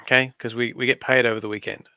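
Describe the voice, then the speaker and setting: A man's voice: mid-range voice, level tone, fast, dry recording, dull audio. A middle-aged man with an Australian accent giving playful, teasing commentary on a casual craft livestream. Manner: playful, teasing, dry asides.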